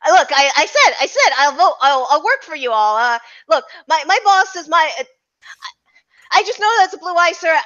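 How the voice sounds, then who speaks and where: A woman's voice: very high voice, big pitch swings, sharp tone, lo-fi sound, pitched above the performer's own voice, exaggerated voice. A woman voicing a nervous male mob accountant who stammers and pleads. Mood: pleading. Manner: stammering, pleading, fast-talking.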